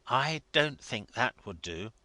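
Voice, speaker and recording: An obliging clergyman, anxious and a little perplexed, talking earnestly in a lively, bright voice, as a male reader plays him. The recording is dry and close. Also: mid-range voice, takes it slowly, no echo. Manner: earnest, hesitant. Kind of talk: audiobook character reading.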